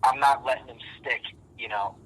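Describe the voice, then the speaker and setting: Bright, husky-voiced man talking intensely. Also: medium pitch, moderate pace, low-quality recording. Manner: rambling, intense, many restarts and repeated words. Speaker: podcast guest. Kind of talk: casual podcast conversation.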